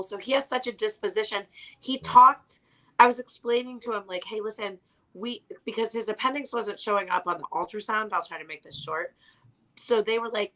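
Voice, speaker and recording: A woman co-hosting a parenting podcast, telling long, animated stories about her kids in casual chat. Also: mid-range voice, rough recording. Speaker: podcast co-host.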